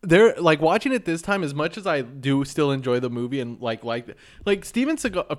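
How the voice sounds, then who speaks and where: A man's voice: fairly high pitch, lively intonation, brisk. Wordy man in casual chat. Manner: wordy, repeats words when searching.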